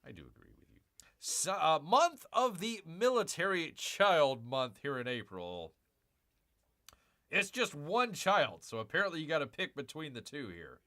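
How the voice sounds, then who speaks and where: A male livestream host with a lively, swooping delivery and a bright, forceful tone. He jokes his way through casual commentary, calling himself Bear. He drifts into rambling asides and repeats his own lines. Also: on the high side, a little slow. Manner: joking, calls himself Bear in third person.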